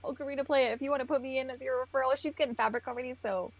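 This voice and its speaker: A woman's voice: sits high, steady tone, racing. A woman co-hosting a casual gaming podcast, answering in short, playful remarks. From California, USA. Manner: brief playful replies. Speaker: podcast co-host. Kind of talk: casual chat while streaming.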